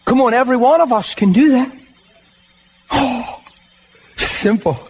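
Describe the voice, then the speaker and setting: High-voiced man preaching a plain-talking sermon. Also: measured pace, slight background noise. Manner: conversational, emphatic preaching with rallying asides.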